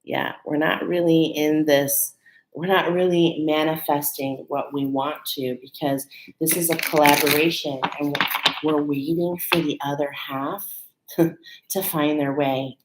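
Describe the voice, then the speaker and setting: Female card reader, low pitch, casual and chatty, keeps checking in with listeners. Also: fairly even intonation, unhurried, a little hiss or hum, low-quality recording. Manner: warm, chatty, with fillers like "okay?" and "right?"; emotional, laughing and near tears at times. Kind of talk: casual live card reading.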